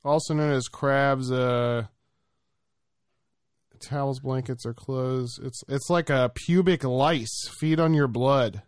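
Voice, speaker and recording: Male podcast co-host, mid-pitched, laid-back crude humor, dry close sound. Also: slow pace, no echo. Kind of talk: casual comedic chat.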